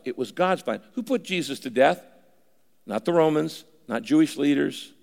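A man's voice: fairly high pitch, animated, moderate pace, vocal fry, long reverb tail. An older man preaching a sermon in a conversational way, at times voicing imagined listeners. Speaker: pastor.

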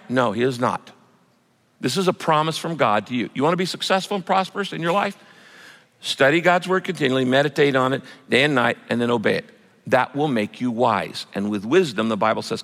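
A man preaching a sermon with earnest, dramatic delivery, slowing to stress key phrases and leaping up in pitch for emphasis. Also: a bit bright. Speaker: pastor. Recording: long hall reverb.

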